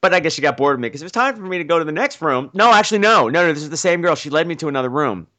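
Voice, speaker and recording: A man hosting a podcast, telling a story excitedly and playfully mocking himself, often acting out what people said. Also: fairly high pitch, rapid-fire. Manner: excitable, self-mocking, acts out quotes. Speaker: podcast host. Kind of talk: animated storytelling.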